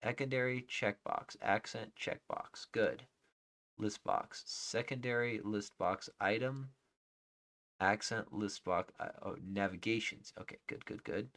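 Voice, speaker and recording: Guy streaming himself coding, kinda low voice, mumbling thru a list and trailing off. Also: a little slow. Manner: murmurs item names while checking code, often trailing off quietly. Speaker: livestreaming software developer. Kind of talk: casual live-coding commentary.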